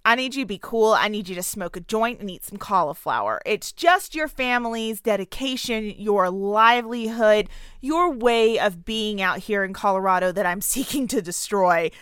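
A woman's voice: mid-range voice, animated, normal speed, a bit bright, clean tone, dry recording, clean studio sound, lightly acted. A Southern woman mocking a lazy stoner-talking governor. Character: laid-back stoner-talking male governor.

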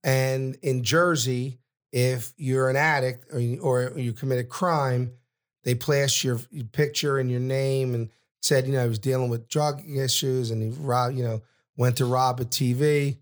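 A middle-aged man, a podcast guest telling an emotional story and often stopping to repeat his words. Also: fairly even intonation. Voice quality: halting, repeats words, voice drops low at sad moments.

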